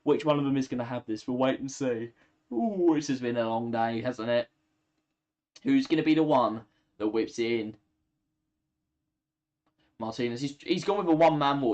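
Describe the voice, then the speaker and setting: A tired young man, chatting through live football commentary on a stream and talking to his chat. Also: medium pitch. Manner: chatty, reacts to play, talks to chat. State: tired, yawning. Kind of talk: live watch-along commentary.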